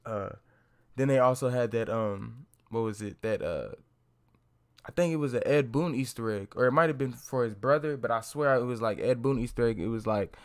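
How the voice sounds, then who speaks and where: A young man talks through a movie review in a loose, rambling way. He swears freely, leans on slang and fillers, and restarts his sentences often. His voice sits at a middling pitch. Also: moderate pace, smooth. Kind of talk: casual spoken movie review.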